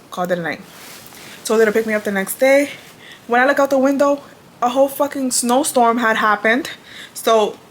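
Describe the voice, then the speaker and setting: A woman's voice: mid-range voice, fairly bright tone, slight background noise. Blunt, exasperated young woman vlogger. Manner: blunt, exasperated, swears freely, lots of "like". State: tired. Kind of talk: casual storytime chat.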